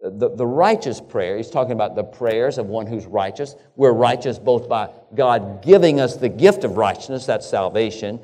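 A man preaching in a reverberant hall, his voice warm and mellow. He talks haltingly, doubling back on his words, and his pitch climbs and falls a lot as he stresses a point. He asks his listeners rhetorical questions. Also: expressive. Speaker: pastor. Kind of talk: sermon.

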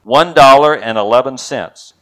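A man's voice: medium pitch, moderate pace, fairly bright tone, lightly acted. A man voicing a determined eight-year-old girl, pleading and insistent in a read-aloud story. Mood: earnest pleading.

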